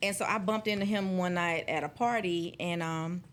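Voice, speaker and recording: A woman's voice: on the low side, normal speed. Southern woman telling stories in casual chat. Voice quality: lively storyteller, acts out quoted voices. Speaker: guest.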